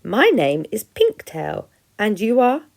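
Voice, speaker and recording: A woman's voice: mid-range voice, very animated, slow pace, gravelly, darkish tone, exaggerated voice. A woman reading aloud and voicing a theatrical, chatty female opossum who loves performing. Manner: gushing, dramatic.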